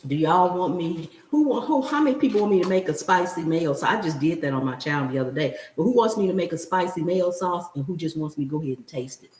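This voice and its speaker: A woman's voice: fairly low pitch, expressive, fast, hardly any pauses, darkish tone, roomy sound, poor audio. A middle-aged woman hosts a live cooking stream from her home kitchen, chatting and answering viewer comments as she cooks. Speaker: cooking show host.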